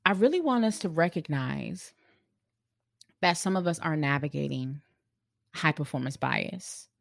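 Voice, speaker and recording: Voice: mid-range voice, animated, a little slow, gravelly, no room sound, studio quality. A podcast host giving an earnest, reflective monologue on leadership, often restarting phrases while searching for words.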